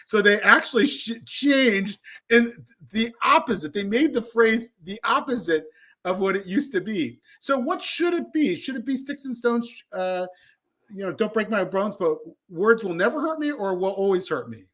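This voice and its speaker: A man's voice: sits high, expressive, normal speed, fairly bright tone. A man co-hosting a podcast, telling stories in a thoughtful, loose conversational way. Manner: thoughtful, loose storytelling with fillers. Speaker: podcast co-host.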